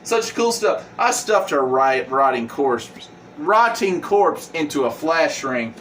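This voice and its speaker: A gleeful sadistic young villain with a high, lilting voice, put on by a man retelling a comic. He gloats sweetly over his cruelty. The voice sounds a bit distant from the mic. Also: big pitch swings, slow pace, fairly bright tone, slight background noise, exaggerated voice. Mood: gloating.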